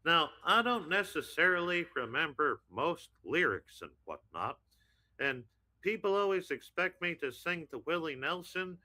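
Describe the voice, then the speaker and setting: A man's voice: a little high, animated, unhurried, pushed and bright, pitched above the performer's own voice, full character voice, low-quality recording. A man voicing a folksy middle-aged Texan cartoon dad who croons in a twangy drawl. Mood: earnest crooning. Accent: mock Texan.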